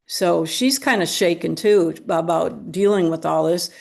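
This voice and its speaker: A woman's voice: fairly low pitch, unhurried, gravelly, hardly any pauses, a little mellow. A woman telling a local history story in a conversational way, with chatty asides to her listeners. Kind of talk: storytelling talk.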